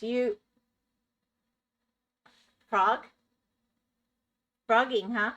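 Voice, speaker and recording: Woman, gaming live stream, casual chat, bright sharp tone. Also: mid-range voice, expressive, a little slow, pauses often. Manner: chatty, answers chat, laughs often. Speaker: Minecraft streamer.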